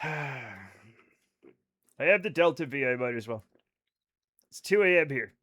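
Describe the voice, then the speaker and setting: An excitable man with a high, bright voice chats casually with his stream viewers while he plays. He swears freely and keeps drifting into rambling asides. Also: a little slow. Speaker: livestreamer playing a space game. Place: home at night.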